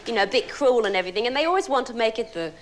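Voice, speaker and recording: Brief: English woman, talk show guest, high lively voice, giggly and frank. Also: rapid-fire, slight background noise. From Surrey, England. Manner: chatty, giggly, candid. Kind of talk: casual interview chat.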